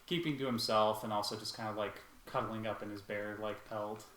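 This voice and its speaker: A man's voice: on the low side, steady tone, fairly quick, a bit bright. A man playing a tabletop role-playing game, describing his character's actions in a casual, rambling way full of fillers. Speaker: player. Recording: echoey room with faint noise.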